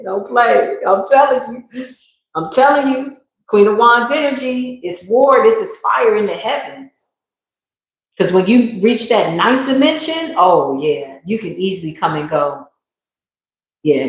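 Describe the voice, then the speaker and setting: A woman giving a live spiritual tarot reading in a slangy, emphatic, preacherly way. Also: mid-range voice. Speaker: tarot reader. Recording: very echoey room.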